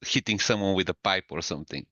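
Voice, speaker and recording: A man's voice: low voice, quick pace, bright, forceful tone, dry recording, highs cut off. A man from Bulgaria, a workshop participant, answers in a hesitant, casual way.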